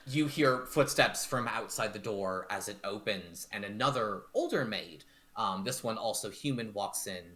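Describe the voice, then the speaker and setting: A man narrating a tabletop game as game master, animated and full of fillers. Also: fairly low pitch, moderate pace, few pauses.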